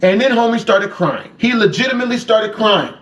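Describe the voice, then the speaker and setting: A man casually telling a personal story in a slangy, emotional, animated way, with music playing underneath. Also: high-pitched, a little fast, slight background noise. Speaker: storytime narrator.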